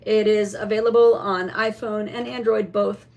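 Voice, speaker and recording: A woman in a casual show-and-tell vlog, chatting about a toy with many fillers and some throat-clearing. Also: mid-range voice, level tone, normal speed, darkish tone, muffled recording. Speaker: vlogger showing a toy.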